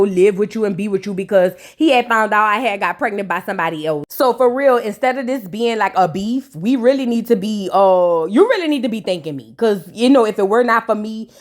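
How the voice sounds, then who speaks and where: A woman's voice: medium pitch, moderate pace, few pauses, voice pushed down, natural voice. A woman voicing a brash young baby mother who explains herself bluntly and offhandedly.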